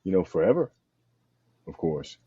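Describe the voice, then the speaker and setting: A man hosts an interview in a very low, dark voice. He speaks haltingly and keeps affirming his guest. The sound is dry and a little muffled. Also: very animated, breathy edge, dry recording. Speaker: podcast host.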